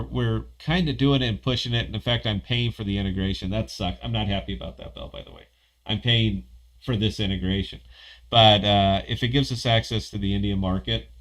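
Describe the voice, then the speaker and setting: A man hosting a casual livestream podcast, rambling, profane and excitable as he talks. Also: mid-range voice. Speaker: podcast host.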